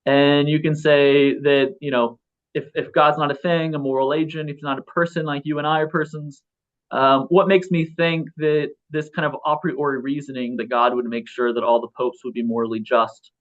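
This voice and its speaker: Here a thirtysomething philosopher, interviewed casually, speaks at a moderate pace in a level tone, his pitch on the high side. He meanders, restarting often and leaning on fillers, and the lo-fi recording sounds a bit dull.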